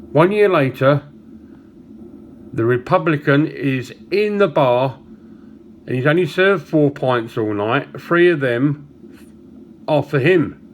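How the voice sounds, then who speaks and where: A man, chatting to camera and telling a joke, with small pauses and chuckles along the way. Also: mid-range voice, a little hiss or hum. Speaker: vlogger.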